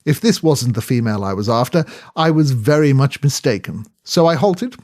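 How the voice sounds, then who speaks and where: A man's voice: medium pitch, expressive, normal speed, darkish tone. A man narrating a comic novel in a breezy, jaunty first-person manner. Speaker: audiobook narrator.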